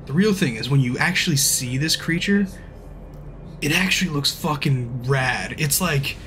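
A man with a voice on the high side streams casually, rambling through a profanity-laced movie recap and acting out scenes in hushed asides.

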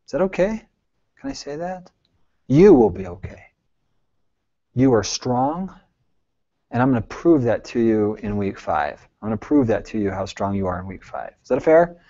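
A male therapist leading a support group, talking earnestly and reassuringly, moving between soft, hushed phrases and emphatic bursts and asking the group many questions. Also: medium pitch, very animated, normal speed, pauses often. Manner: pleading, reassuring, asks the group frequent questions. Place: group session room. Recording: dull lo-fi recording.

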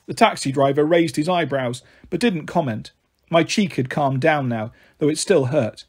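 Male storyteller, brisk first-person read, husky and a touch high. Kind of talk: reading a children's novel aloud.

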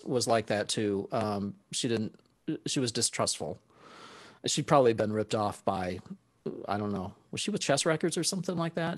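A man's voice: lowish voice, no echo. A man, a guest saxophonist, telling stories casually and animatedly, laughing often and acting out what people said. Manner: animated, laughs often, acts out quoted speech. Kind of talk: casual storytelling.

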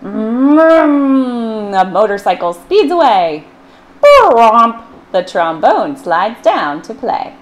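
A woman's voice: medium pitch, very animated, unhurried, few pauses, slight background noise. A woman librarian reading a picture book aloud to children, playfully acting out the sound words. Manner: playful, acts out sound words with big swings in voice. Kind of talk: storytime read-aloud.

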